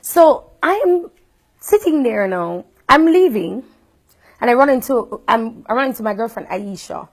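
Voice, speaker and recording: A woman with a Jamaican accent, a radio host, telling a personal story in a casual, animated way, shifting between loud indignation and quiet asides. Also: a little high, a little slow.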